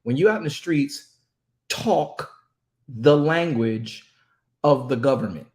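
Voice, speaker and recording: A man's voice: mid-range voice, darkish tone. A man who hosts and preaches on a talk show, emphatic and drawing out words to stress them. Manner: emphatic, drawn-out words for stress, quotes voices. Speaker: host and minister.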